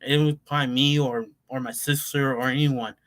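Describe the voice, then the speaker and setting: A man's voice: mid-range voice, fairly even intonation, brisk, fairly bright tone. A young man, telling family stories in a rambling casual monologue full of fillers and restarts. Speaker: vlogger.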